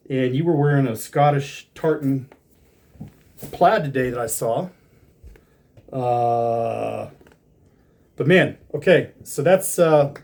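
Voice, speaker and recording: A man's voice: mid-range voice, a little mellow. A man casually talking through an unboxing of hats, rambling with lots of fillers and restarts.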